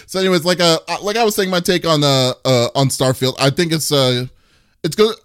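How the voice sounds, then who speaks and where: A man's voice: a little high, a little fast, a bit bright, clear, resonant tone, dry recording, clean studio sound. A man co-hosting a gaming podcast, talking casually and rambling with many fillers and restarts. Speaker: podcast co-host. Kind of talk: casual chat.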